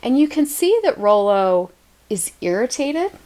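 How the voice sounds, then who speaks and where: A woman's voice: fairly high pitch, very animated, a little slow, a little mellow. An American woman co-hosting a podcast, chatting casually and laughing often. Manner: giggly, chatty. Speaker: podcast co-host. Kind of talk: casual chat.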